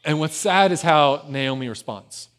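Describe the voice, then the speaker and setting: A man preaching a sermon as pastor, dropping to a hushed, tender voice and then rising loud and urgent. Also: a little high, a little slow.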